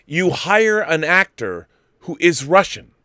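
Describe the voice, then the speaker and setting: A middle-aged man hosting a late-night live-stream, ranting hard and swearing freely. His voice is bright and forceful. The sound is close and dry, with no room around it. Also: fairly high pitch, big pitch swings, slow pace, no echo. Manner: ranting, profane, loud bursts. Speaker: host.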